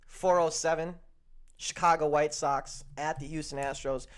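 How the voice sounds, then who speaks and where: A man's voice: fairly high pitch, fairly even intonation, clean tone. A man hosting a sports betting show, chatting casually and joking, then running through stat lines. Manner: upbeat, jokey, reads stat lines quickly.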